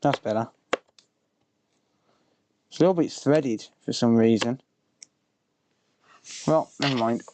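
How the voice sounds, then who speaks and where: Male repair streamer, unhurried and offhand, joking asides, faint keyboard clicks behind. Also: mid-range voice, darkish tone, a little hiss or hum. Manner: muttering to himself, offhand and joking. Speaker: repair technician livestreamer. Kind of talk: casual livestream chatter while working.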